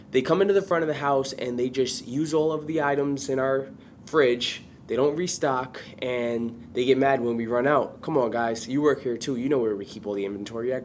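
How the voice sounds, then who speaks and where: A man's voice: medium pitch, moderate pace, slight background noise. A man in casual chat, opinionated and explaining things in a matter-of-fact way.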